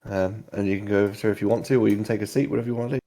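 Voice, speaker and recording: Game master, man, low mellow voice, halting and rambling as he describes the scene. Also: fairly even intonation. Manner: rambling, halting, lots of ums. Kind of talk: narrating a tabletop game.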